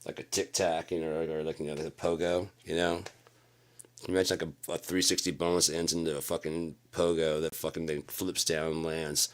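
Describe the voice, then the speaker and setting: A middle-aged man with a very low, deep voice tells a story in a loose late-night monologue. His talk is profane and rambling, and he slips into the voices of the people in the story. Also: little pitch movement, a little fast. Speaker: channel host telling a story.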